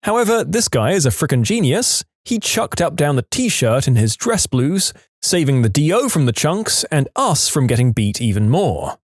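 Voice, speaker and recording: Guy reading out reddit-style stories, really animated voice, pops up high for the quotes, dry mic. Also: moderate pace, dry recording. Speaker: narrator reading listener stories. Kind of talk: scripted storytelling narration.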